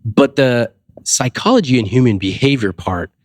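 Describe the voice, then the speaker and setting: A man from the United States speaks at a medium pitch and moderate pace, his voice a little mellow, in a dry recording. He's a finance author appearing as a podcast guest, telling stories in a casual interview, acting out quoted dialogue and repeatedly posing rhetorical questions.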